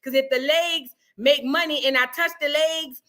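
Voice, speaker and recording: A woman's voice: high voice, steady tone, moderate pace, fairly bright tone. A woman voicing a brash, profane wife who calls an emergency line and rambles out blunt excuses. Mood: evasive.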